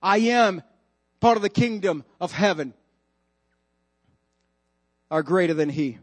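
A man's voice: high voice, animated, slow. A male pastor preaching a sermon, emphatic and repetitive, putting direct questions to the congregation in church.

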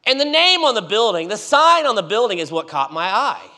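A man preaching in a church, telling a story with animated swings between loud and hushed delivery. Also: high voice, a little fast. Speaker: guest preacher. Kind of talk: storytelling sermon.

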